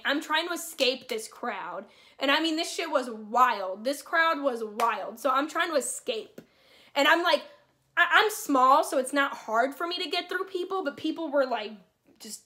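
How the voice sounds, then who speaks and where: A young woman telling a rambling, excitable concert story to camera, swearing freely. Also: high-pitched. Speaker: vlogger. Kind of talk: casual storytelling.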